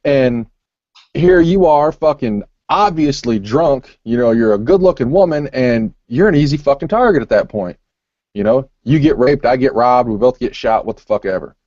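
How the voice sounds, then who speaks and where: A man's voice: mid-range voice, lively intonation, normal speed, darkish tone, dry recording. A man rambling through a long, crude story in casual chat, swearing constantly. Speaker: podcast co-host. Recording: muffled lo-fi recording.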